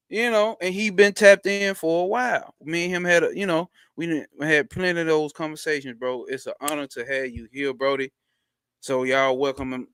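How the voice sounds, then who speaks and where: A man hosting a casual livestream from home into a close mic, using loose, slangy street talk and a lot of swearing. He greets viewers by name and gets excited fast. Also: clear, resonant tone, no echo. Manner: swearing, excitable, jumps up in pitch when hyped. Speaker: livestream host.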